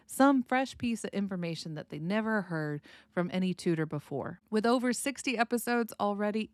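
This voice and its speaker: An American woman hosting an English pronunciation podcast, walking through example phrases and slowly modeling them aloud. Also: lowish voice, darkish tone, no echo, clean studio sound. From United States. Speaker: English tutor, podcast host. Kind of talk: podcast lesson, clear demonstrative delivery.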